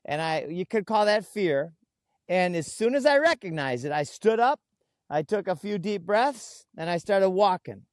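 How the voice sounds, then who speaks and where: A man speaking as an interview guest, telling stories earnestly and slowing right down to stress his key words, recorded outdoors. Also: high voice, lively intonation, no room sound, studio quality. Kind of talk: conversational interview. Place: outdoors in a food forest.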